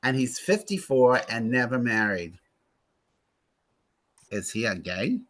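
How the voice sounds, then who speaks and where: Guy hosting a movie club, campy and snarky, bright voice that jumps all over. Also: medium pitch, big pitch swings, slow. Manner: campy, sarcastic, gossipy asides. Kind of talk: casual movie review chat.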